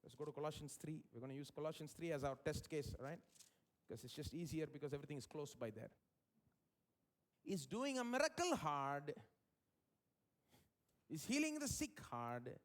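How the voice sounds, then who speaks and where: High-voiced animated male preacher. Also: normal speed, long pauses. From India. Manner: animated preaching, sweeping swings in pitch and loudness. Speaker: pastor. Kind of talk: sermon. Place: church service.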